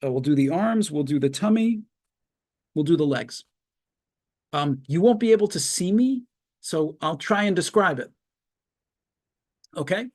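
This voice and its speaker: Leading a webinar over a video call, a psychologist with a somewhat high male voice calmly guides progressive muscle relaxation. His cues are slow and sequential, with long pauses between them.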